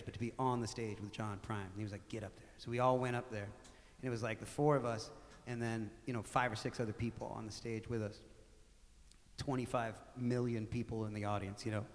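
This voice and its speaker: A male singer-songwriter telling animated, conversational stories between songs at a live gig, acting out quotes as he goes. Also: mid-range voice, fast, in a large hall. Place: small live music venue with audience.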